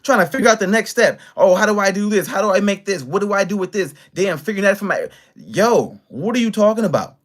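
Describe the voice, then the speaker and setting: Brief: a high-voiced American man on a livestream, furious and profane, talking straight to his chat. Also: expressive, quick pace, hardly any pauses. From United States. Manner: heated and profane, with big swings in pitch and loudness. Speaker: livestream host. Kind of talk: angry livestream rant.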